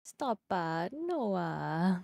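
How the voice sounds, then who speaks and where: A woman's voice: fairly low pitch, sing-song, extremely slow, creaky, a little mellow, dry recording, clean studio sound. A woman from Canada chatting casually with her stream viewers while she draws, laughing often and asking them questions.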